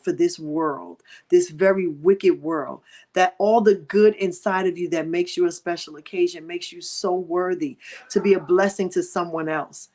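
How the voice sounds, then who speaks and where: Middle-aged woman on a livestream, grieving, close to tears, lowish voice, talks straight to her viewers. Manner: emotional, warm-hearted, prayerful, addressing viewers directly. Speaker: livestream host. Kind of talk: heartfelt livestream talk.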